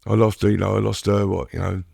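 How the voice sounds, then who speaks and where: A middle-aged man, a guest telling his story haltingly, repeating words and saying "you know what I mean" often. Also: fairly low pitch, level tone, vocal fry, mellow, husky, dry recording, studio quality. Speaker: podcast guest. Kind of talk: candid recovery interview.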